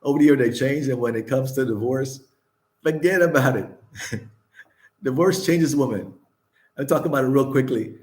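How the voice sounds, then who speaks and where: A man's voice: mid-range voice, normal speed, long pauses, darkish tone. An older man hosting a casual chat, talking candidly, laughing often, swearing and repeating himself. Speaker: vlog host.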